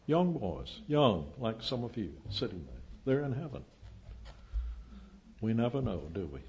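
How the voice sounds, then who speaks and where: An older man preaching a sermon, lecturing emphatically and often rising to loud declamation. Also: medium pitch, breathy edge. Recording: dull lo-fi recording.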